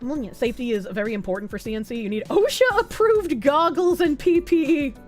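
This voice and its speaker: A high-pitched woman with a thick Boston accent chats loosely with her viewers and swears freely. Faint music runs quietly under her voice. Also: animated. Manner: loose, profane, quick to laugh. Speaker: streamer. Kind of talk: casual chat reading viewer comments.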